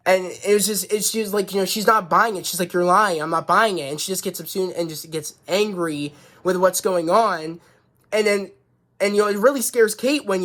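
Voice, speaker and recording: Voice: medium pitch, fairly bright tone. A reviewer talking casually through a show episode, rambling and retelling scenes with frequent "you know" and restarts. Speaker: YouTube reviewer.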